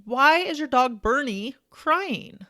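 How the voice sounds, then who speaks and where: A man's voice: very high-pitched, lively intonation, slow pace, sharp tone, pitched above the performer's own voice, exaggerated voice. Mike, a woman doing a puzzled passerby. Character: curious adult male passerby, puzzled.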